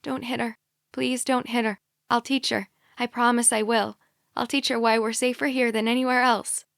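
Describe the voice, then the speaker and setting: Audiobook role: woman voicing a devoted, brainwashed young cult girl, soft and fairly high. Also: flat delivery, moderate pace, gravelly, no room sound, clean studio sound. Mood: pleading. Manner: soft and insistent.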